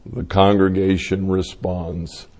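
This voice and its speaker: A male pastor gives a sermon at a deliberate, unhurried pace. He tells stories and acts out the voices of the people in them. His voice carries a long reverb from a large hall. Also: low-pitched, little pitch movement, darkish tone. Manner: slow, storytelling delivery acting out quoted voices.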